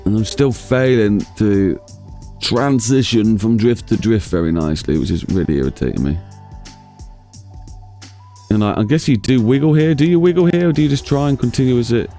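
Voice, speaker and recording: A man talks through his driving game in a mid-pitched voice, joking at his own expense and throwing questions to his viewers. Faint music plays softly underneath. It sounds like a casual let's-play commentary. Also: moderate pace. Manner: chatty, self-mocking, talks to viewers. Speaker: gaming channel host.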